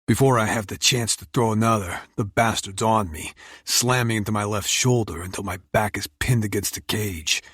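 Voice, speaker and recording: A man narrating a first-person romance audiobook in an intense, measured, brooding way. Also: on the low side, fairly bright tone, slightly rough, no echo, clean studio sound.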